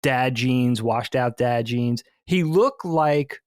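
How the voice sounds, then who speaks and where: A man from the Philadelphia area telling an animated story in casual podcast chat. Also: medium pitch, no echo, clean studio sound. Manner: animated storyteller, quick asides. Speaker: podcast co-host.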